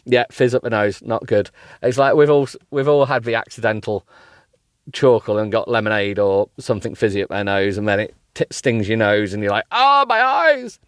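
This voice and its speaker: A man's voice: on the low side, fairly even intonation, brisk, clean tone, no room sound, clean studio sound. Irreverent man, sweary asides. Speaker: podcast host. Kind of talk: comic reading of a bad book with asides.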